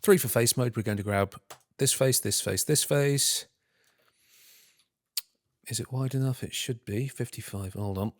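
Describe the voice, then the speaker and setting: A man talking himself through a software tutorial, muttering and humming filler sounds between steps and calling himself an idiot. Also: mid-range voice, measured pace, pauses often, no room sound, clean studio sound. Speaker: tutorial host. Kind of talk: screen-recorded software tutorial.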